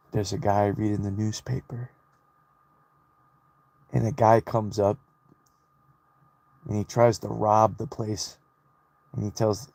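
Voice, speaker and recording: A young man talks in a low, gravelly voice with a dark, mellow tone. He rambles through a story for his vlog, swearing constantly and doubling back on himself. The delivery is slow and subdued, close to a sigh. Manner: heavy swearing, loose storytelling with restarts. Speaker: solo vlogger. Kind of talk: rambling personal monologue.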